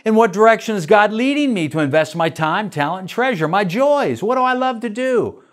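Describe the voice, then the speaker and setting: A man's voice: high voice, lively intonation, fairly quick. An older man, a pastor, teaching a church lesson in an earnest way, asking many questions.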